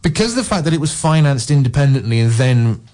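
A man's voice: medium pitch, very animated, fast talker, a little mellow. A man reviewing films on local radio, talking at length with enthusiasm in long run-on sentences. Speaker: film reviewer. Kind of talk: radio film review chat.

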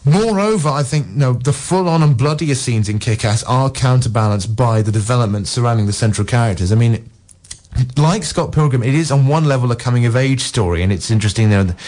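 A man's voice: medium pitch, brisk, a little mellow. A man reviewing films on local radio, talking at length with enthusiasm in long run-on sentences. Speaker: film reviewer. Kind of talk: radio film review chat.

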